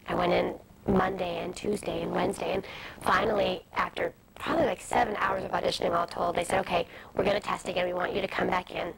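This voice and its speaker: A woman in her twenties telling stories as an interview guest, fast and animated, with many asides. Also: mid-range voice, vocal fry. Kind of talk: candid storytelling interview. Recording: noisy early-2000s TV broadcast audio.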